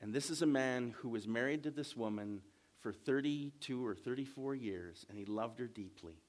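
A man pastor preaching a sermon slowly and emphatically, often rising to loud stresses. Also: mid-range voice.

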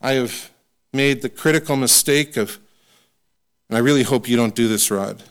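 A man preaching a sermon in a conversational, self-deprecating way, slowing down to stress scripture. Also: mid-range voice, a bit bright, clear, resonant tone. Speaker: pastor.

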